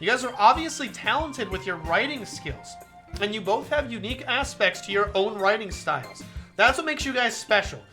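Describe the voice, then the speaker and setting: A woman's voice: a little high, expressive, moderate pace, sharp tone, soft background music. Monika, a firm club president read by a woman. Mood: scolding.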